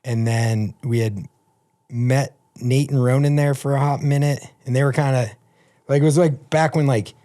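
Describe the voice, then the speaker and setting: A man's voice: medium pitch, fairly even intonation, normal speed, mellow. Profane storytelling man in his fifties. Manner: profane, rambling anecdotes. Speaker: podcast guest. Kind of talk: casual storytelling.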